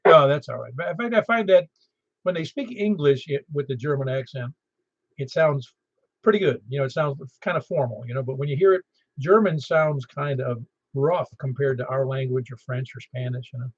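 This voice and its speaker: A man's voice: medium pitch, moderate pace, no room sound. Easygoing man running a radio net. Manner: chatty, easygoing. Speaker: net control host. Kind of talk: casual ham radio net chat. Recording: muffled radio audio.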